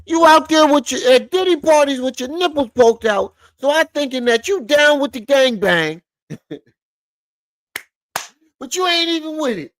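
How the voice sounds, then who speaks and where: A man doing a high-pitched mocking impression of an upset man. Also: expressive, a little slow, long pauses, fairly bright tone, heavily acted, poor audio. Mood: whiny.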